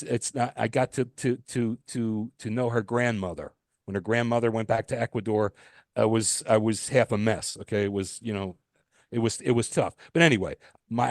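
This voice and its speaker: A man's voice: medium pitch, darkish tone, no room sound, clean studio sound. A man co-hosting a podcast, talking in an emphatic, ranting way with many restarts. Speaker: podcast co-host. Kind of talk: casual podcast chat.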